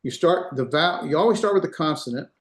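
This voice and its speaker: A man's voice: a little high, lively intonation, fast talker. A man giving a classroom lecture as a Hebrew instructor. He explains step by step, repeats examples and checks that students follow. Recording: roomy echo.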